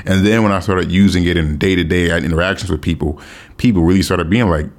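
A man's voice: low voice, steady tone, fast. An American man hosting a podcast, talking casually and bluntly on his own and swearing freely. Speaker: podcast host. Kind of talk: casual solo podcast talk.

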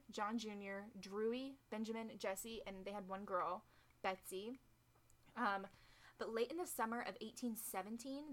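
A woman co-hosting a podcast casually retells a history story, chatty and full of joking asides. Her medium-pitched voice has a fairly bright tone, and she says "um" and "like" often.

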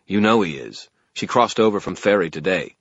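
Brief: a man voicing a cocky young guy, dry and edgy, husky, muffled audiobook sound. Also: low-pitched, expressive, normal speed, a bit bright, no room sound, voice pushed up, full character voice. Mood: sarcastic.

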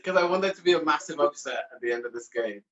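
A man's voice: fairly high pitch, animated, fast talker, a bit bright, lo-fi sound. A man comedian on a video call, rambling and hesitant as he corrects himself mid-thought. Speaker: comedian panelist. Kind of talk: comedy panel show chat over video call.

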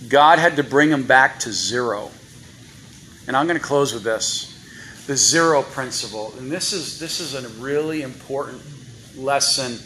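Bright-voiced man preaching a sermon. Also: mid-range voice, a little hiss or hum, low-quality recording. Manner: conversational, rhetorical questions to congregation. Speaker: guest preacher. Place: church. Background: congregation responses.

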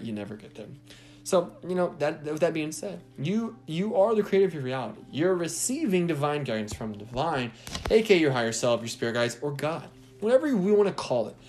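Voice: mid-range voice, darkish tone. A spiritual self-help speaker giving a casual motivational monologue, repeating phrases for emphasis and swearing freely.

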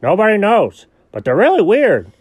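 A man's voice: high voice, normal speed, husky, no room sound, exaggerated voice. Easygoing goofy rich dog, played by a man; bouncy, rambling improv delivery, dry close mic. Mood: cheerful. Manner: lively, rambling, bemused. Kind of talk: improvised audio story.

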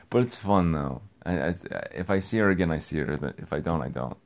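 A young man with a very low voice talks to his listeners in a loose, rambling monologue. He circles back and repeats phrases and gets excited as he goes. His casual swearing keeps it offhand and personal. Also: moderate pace, pauses often. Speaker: podcast host.

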